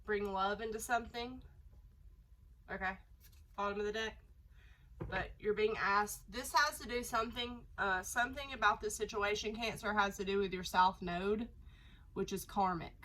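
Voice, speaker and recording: Brief: woman tarot reader, congested nasal voice, relaxed rambling delivery, mid pitch. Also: moderate pace, rough recording. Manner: chatty, rambling, lots of fillers. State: nasal from a cold. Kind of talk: casual tarot reading to camera.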